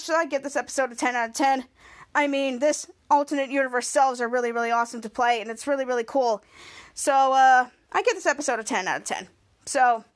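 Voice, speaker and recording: A woman's voice: high voice, a bit bright. A woman hosting a podcast, recapping a show in a rambling, enthusiastic way, stringing events together with "and then". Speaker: podcast host.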